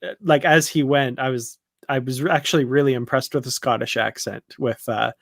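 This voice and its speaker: Relaxed, hesitant man co-host, mid pitch, dry sound. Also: fairly quick, vocal fry, dry recording. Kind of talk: casual podcast chat.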